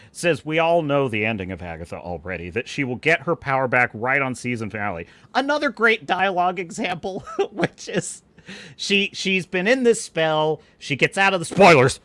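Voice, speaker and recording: A man's voice: high voice, big pitch swings, moderate pace, sharp tone, dry recording. A man hosting a live-stream commentary show, mocking what he quotes, laughing often and acting out lines of dialogue. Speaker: host.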